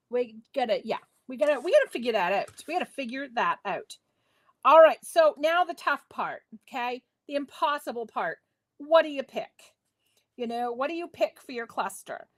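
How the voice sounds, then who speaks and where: A woman hosting a live crafting tutorial from her home craft space, chatting playfully with viewers as she works. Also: high-pitched. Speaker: craft demo host.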